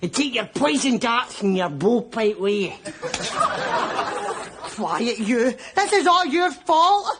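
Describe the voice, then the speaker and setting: Scolding glaswegian wife, high and swooping, slow, audience laughing. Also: female voice, big pitch swings, a loud crowd, very noisy. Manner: scolding, sarcastic, shrill. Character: sharp-tongued Glasgow wife and mother. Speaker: sitcom character. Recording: studio audience laughter behind.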